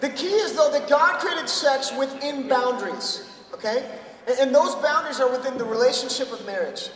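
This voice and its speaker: A man's voice: extremely high pitch, normal speed, a bit bright. A man speaking to a youth audience in a direct sermon, checking in with "okay?". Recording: distant mic in reverberant hall.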